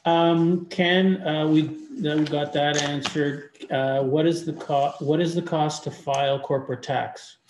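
A man's voice: fairly high pitch, fairly even intonation, unhurried, few pauses, roomy sound, noisy background. A man co-hosting a webinar who reads out viewer questions and comments and answers with short affirmations. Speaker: mortgage broker co-host. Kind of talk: moderating questions in a live webinar.

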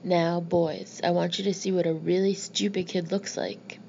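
Woman reading strict schoolteacher, snapping, mocking, gravelly, low. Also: fairly even intonation, moderate pace, darkish tone, muffled recording, a little hiss or hum. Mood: scornful. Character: strict scornful female schoolteacher.

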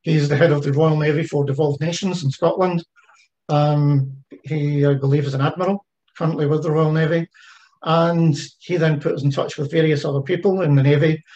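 A man's voice: on the high side, steady tone, normal speed, a little mellow. Man giving an online talk, lo-fi sound. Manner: conversational, many fillers and restarts. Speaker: presenter of a heritage ship project. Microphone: video call.

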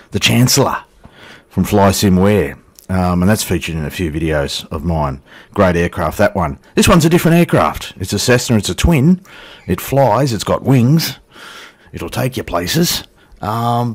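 Low-voiced joking man. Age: middle-aged. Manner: rambling, jokey and irreverent, talks to passengers and viewers. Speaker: flight sim video host. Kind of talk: casual commentary while playing a flight simulator.

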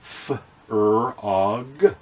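A children's librarian leads a reading skit with puppets, patiently sounding out letters and words and being gently apologetic with the puppets. His voice sits on the low side, and he draws out his words.

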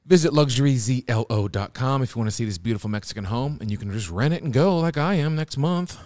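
Quick-talking man hosting a podcast. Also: mid-range voice, expressive, darkish tone, no echo. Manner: brief reactions, joking, reads a plug. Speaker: podcast host. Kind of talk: casual chat.

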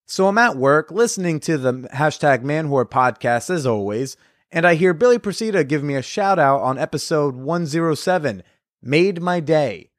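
A young man hosting a podcast in casual chat, excitable and swearing freely, with frequent restarts. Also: on the high side, normal speed, dry recording, clean studio sound. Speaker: podcast host.

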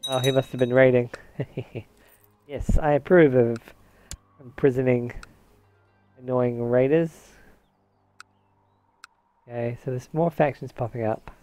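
A man's voice: mid-range voice, warm tone. A man giving casual gameplay commentary, musing to himself and half-distracted, now and then slipping into a mock posh put-on. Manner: dabbles in a mock posh old-English put-on. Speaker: game let's-player.

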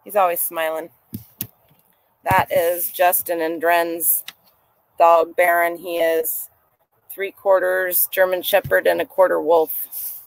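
A reseller vlogs her finds in a slow, flat, low voice with vocal fry and long pauses. Her casual chat rambles, and she talks to people and a dog nearby as she goes.

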